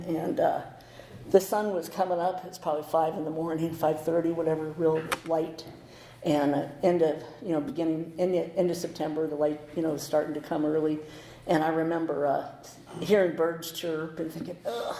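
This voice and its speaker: A woman's voice: low-pitched, gravelly, warm tone, roomy sound, rough recording. A middle-aged American woman candidly telling her recovery story at a meeting, with wry humor. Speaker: speaker sharing her story. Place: meeting hall.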